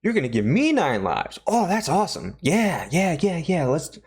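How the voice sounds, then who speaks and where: A man putting on the voice of an excitable, dim-witted adult man in a movie recap. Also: moderate pace, breathy edge, full character voice. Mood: giddy. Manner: giddy, high, whiny voice.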